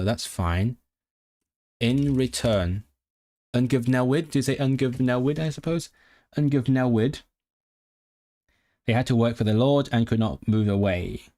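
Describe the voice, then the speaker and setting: His voice sits in the middle range with a somewhat dark tone. He's a streamer learning a language in a relaxed livestream session, working through new words aloud and repeating them as he goes.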